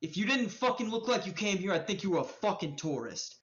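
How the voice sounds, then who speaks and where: A woman's voice: mid-range voice, expressive, brisk, lo-fi sound, close to an everyday voice. A woman voicing a brash, aggressive young street tough who swears constantly and picks fights. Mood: scornful. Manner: profane, swaggering, confrontational.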